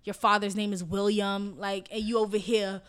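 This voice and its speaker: A woman's voice: mid-range voice, little pitch movement, moderate pace, fairly bright tone, clear, resonant tone. A young woman from a Haitian family in casual podcast chat, telling stories bluntly and profanely, acting out what people said. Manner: blunt, profane storytelling with acted-out quotes.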